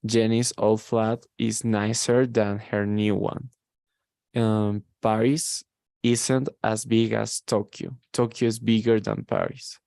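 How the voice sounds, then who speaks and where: Slow gravelly-voiced male student reading. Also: fairly low pitch, level tone, darkish tone, dry recording. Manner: hesitant, reads examples slowly with fillers. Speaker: language student. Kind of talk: reading aloud in a lesson.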